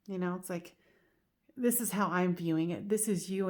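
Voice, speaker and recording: A woman's voice: lowish voice, moderate pace, a little mellow. A woman giving a casual tarot card reading to camera, chatty and reassuring, often saying "you know" and "like". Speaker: tarot reader.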